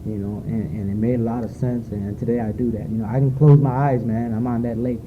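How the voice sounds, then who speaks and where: A man's voice: medium pitch, steady tone, brisk. A man sharing his recovery story at a meeting, rambling and heartfelt, with many fillers. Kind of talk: personal testimony at a recovery meeting. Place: meeting room at a retreat. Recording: phone-like lo-fi tape with faint noise.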